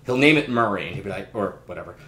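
A man co-hosting a casual podcast chat, animated and profane, breaking into loud mocking impressions. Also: lowish voice, rapid-fire, reverberant. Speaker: podcast co-host.

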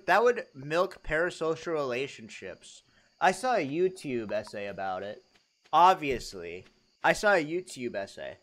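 A young male streamer chatting loosely and jokingly with his viewers, his voice sitting a little high and swinging lively up and down. He drawls his words slowly, taking his time even in the middle of a joke. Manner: jokey, rambling, reacts to chat. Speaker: livestreamer playing a farming game. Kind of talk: casual livestream chat.

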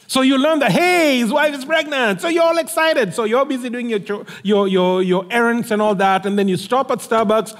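A man preaching a sermon as pastor, animated and storytelling, acting out both sides of a conversation in a church sanctuary. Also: very high voice, moderate pace, few pauses. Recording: long hall reverb.

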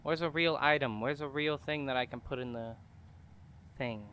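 A man's voice: mid-range voice, moderate pace, pushed and bright, slight background noise. Goofy young man playing a horror game. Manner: goofy, jokey, talks back to the game. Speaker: gaming YouTuber. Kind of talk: horror game let's play commentary.

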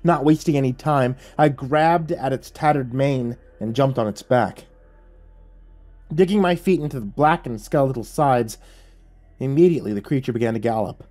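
A man's voice: medium pitch, a little mellow. Man narrating a horror story. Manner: measured, dramatic storytelling. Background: faint music.

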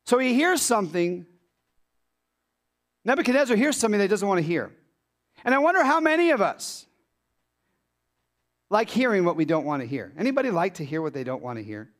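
A male pastor preaching a sermon in an animated way, with rhetorical questions and sudden drops into low, quiet emphasis. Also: brisk, long pauses.

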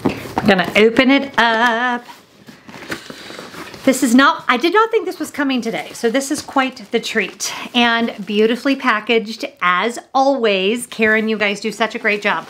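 Woman vlogger, slightly high voice, chatty and upbeat, casual unboxing tone. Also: fairly bright tone, slight background noise. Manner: chatty and upbeat, talks to viewers. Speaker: host. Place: seated on the floor of a home office.

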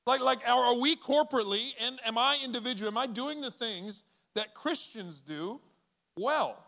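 A male pastor giving a sermon in a casual, animated way, acting out bits of dialogue for his church audience. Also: very high voice, moderate pace. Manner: conversational and animated, acting out quoted voices.

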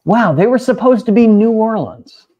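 A man's voice: high-pitched, expressive, moderate pace, warm tone, no room sound. A man in a casual comedy debate, talking hesitantly with many restarts.

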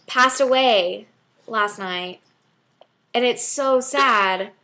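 A woman's voice: a little high, very slow, sharp tone. A young woman co-hosting a casual vlog, chatting and telling stories, acting out quotes with laughs. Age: young adult. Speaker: vlog co-host. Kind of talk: casual chat.

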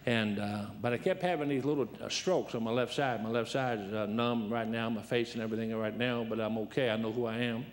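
Folksy old preacher in a reverberant church. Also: male voice, medium pitch, steady tone, a little fast, few pauses. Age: 70s. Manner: folksy, rambling, humorous storyteller. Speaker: guest preacher. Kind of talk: sermon with personal storytelling. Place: church sanctuary.

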